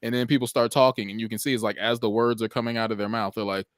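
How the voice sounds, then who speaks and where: A man's voice: mid-range voice, fairly even intonation, fast, no echo, clean studio sound. A man co-hosting a podcast who teaches, talking in a reflective, thinking-aloud way. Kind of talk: casual chat.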